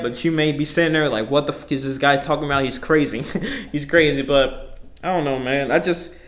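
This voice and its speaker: Rambling, swearing young man on a podcast. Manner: rambling, loose and profane, with frequent fillers; swings between loud heated outbursts and low mumbles. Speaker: podcast host. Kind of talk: casual solo rant.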